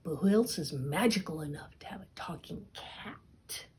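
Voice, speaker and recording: A clever storybook cat who talks his way into anything, voiced by a woman. He speaks slyly and often drops to a hush, with a slightly husky, low-set tone. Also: animated, normal speed, whispered, exaggerated voice. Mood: scheming. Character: clever talking male cat, smooth-tongued schemer.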